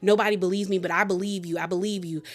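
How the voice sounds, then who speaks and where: Brief: an uneasy, earnest man who keeps insisting, low and soft, as a woman puts him on. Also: steady tone, quick pace, close to an everyday voice. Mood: insistent. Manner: insistent, repetitive.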